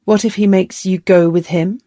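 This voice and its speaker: A woman's voice: medium pitch, steady tone, normal speed, warm tone, no room sound, natural voice. A woman voicing a determined, loving young former slave in a historical audiobook, earnest and reassuring.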